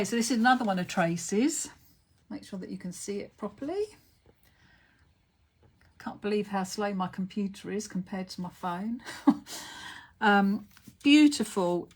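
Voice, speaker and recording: British lady going on about cards on a live stream, middle-aged, gushy, easy chatty talk. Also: medium pitch. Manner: effusive, gushing with praise. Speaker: craft designer hosting a live stream. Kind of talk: casual live stream chat showing cards.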